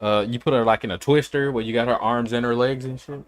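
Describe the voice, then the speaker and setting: A man's voice: mid-range voice, fairly even intonation, quick pace. Blunt, profane male livestreamer. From Chicago. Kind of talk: casual livestream chat.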